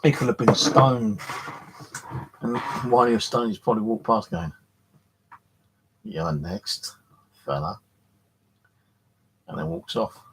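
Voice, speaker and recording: A man hosting a live stream from his flat, chatting casually in a rambling, jokey way and swearing freely. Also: medium pitch, normal speed, noisy background. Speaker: live streamer and paranormal channel host.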